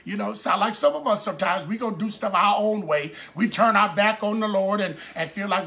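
A man delivers a sermon in a high voice, telling the story like a chat with the congregation. His tone is bright and forceful, and he slips into the voices of the people in his story. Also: fairly quick, few pauses. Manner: conversational storytelling preaching; acts out the people in his stories. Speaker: preacher.

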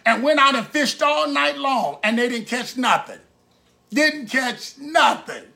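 A man delivers a sermon in a high voice, telling the story like a chat with the congregation. His tone is bright and forceful, and he slips into the voices of the people in his story. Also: animated, a little slow, vocal fry. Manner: conversational storytelling preaching; acts out the people in his stories. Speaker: preacher.

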